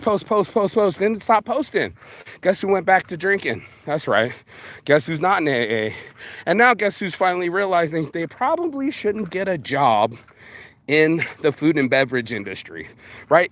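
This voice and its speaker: A man's voice: sits high, a bit bright, dry recording. A man vlogging outdoors while picking up litter, ranting bluntly and profanely in streetwise slang, calling everyone bro. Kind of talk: ranting walk-and-talk vlog.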